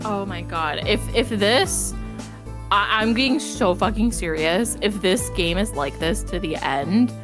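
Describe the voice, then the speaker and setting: A woman's voice: mid-range voice, lively intonation, unhurried. A woman streamer ranting in exasperation about a game, swearing a lot in casual stream chat. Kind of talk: live-stream gameplay chat. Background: game music.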